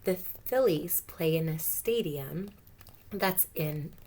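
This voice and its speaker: Reading a picture book aloud, a female teacher takes a slow, unhurried pace with a lowish voice. She's gentle, often pausing to explain words and ask her young listeners questions.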